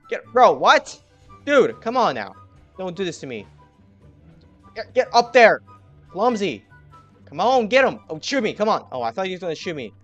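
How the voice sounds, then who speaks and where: A young man giving excited gameplay commentary, trash-talking and yelling at other players. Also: sits high, muffled recording. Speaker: gaming youtuber.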